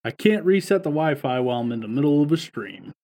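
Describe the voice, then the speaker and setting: A man's voice: fairly high pitch, expressive, fast, a little mellow. A young man co-hosting a sports podcast from home, talking bluntly and swearing as he tells stories. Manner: blunt, profane, storytelling. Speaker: podcast co-host. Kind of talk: casual chat. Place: home, streaming over Wi-Fi.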